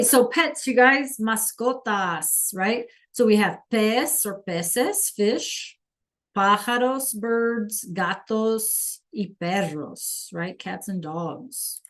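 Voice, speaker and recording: A woman teaching a live online language class, slowly sounding out words for students to repeat and encouraging them by name. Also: mid-range voice. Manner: slow careful enunciation of words for students to repeat. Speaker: Spanish teacher.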